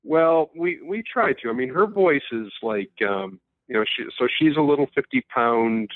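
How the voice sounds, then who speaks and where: A man's voice: mid-range voice, animated, moderate pace, no echo. A man calling in to a casual show over the phone, playful and chuckling. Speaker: caller. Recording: dry tinny phone line.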